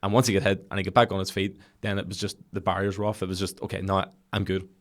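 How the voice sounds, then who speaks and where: Fast-talking Northern Irish man. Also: low-pitched. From Northern Ireland. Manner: animated storyteller, quick and chatty with frequent laughs. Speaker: podcast guest, football coach. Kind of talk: casual chat, storytelling.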